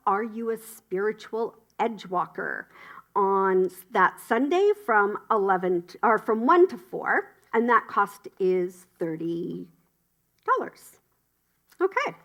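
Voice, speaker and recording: A woman's voice: on the high side, fairly bright tone. A woman giving enthusiastic, chatty announcements at a spiritual community service, cheering the news along. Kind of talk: upbeat church announcements. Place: spiritual community gathering indoors.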